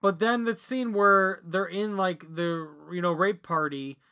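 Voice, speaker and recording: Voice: mid-range voice, unhurried, pushed and bright, clear, resonant tone. A podcast co-host reviewing a movie in casual banter, rambling and giggly, with lots of fillers.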